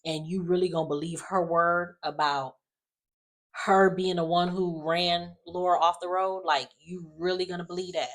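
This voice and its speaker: A woman's voice: fairly low pitch, moderate pace. Sassy woman recapping with lots of sighs. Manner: animated, sassy, acts out characters in quotes, frequent sighs. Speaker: soap opera recap vlogger. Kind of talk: casual recap chat.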